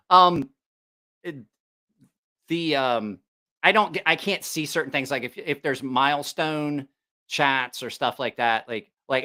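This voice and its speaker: A man chatting casually with his livestream viewers, rambling and restarting his sentences. His voice is mid-pitched with a bright, forward edge. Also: animated. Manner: rambling, halting, with restarts and swearing. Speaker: livestream host.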